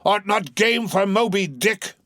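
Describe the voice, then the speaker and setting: A furious old sea captain , put on by an audiobook narrator, roars out his obsession in raised, thundering tones. The voice sits high for a man and sounds dry and close, with no room around it. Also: unhurried, fairly bright tone, no room sound. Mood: raging. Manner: impassioned, thundering, biblical speech.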